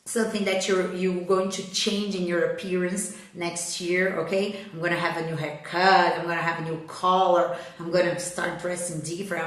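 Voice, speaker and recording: A woman's voice: on the low side, a bit bright. A woman from Brazil with a Brazilian Portuguese accent, giving a motivational English lesson on a live stream and checking in with her audience often. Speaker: English teacher. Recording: very echoey room.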